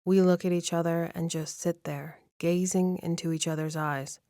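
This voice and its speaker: A woman narrating a first-person romance audiobook in an even, measured storytelling manner, close to the mic. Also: on the low side, no room sound.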